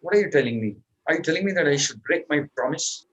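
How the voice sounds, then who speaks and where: Man reading young prince, vows, firm, earnest, voice on the high side, storytelling. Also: expressive, quick pace, fairly bright tone, rough recording. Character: young male prince making a solemn vow.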